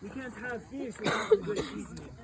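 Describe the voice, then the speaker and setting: A woman youth pastor acting out a Bible story in the first person, animated and playful, talking straight to her audience. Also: high voice, brisk, crowd noise, poor audio.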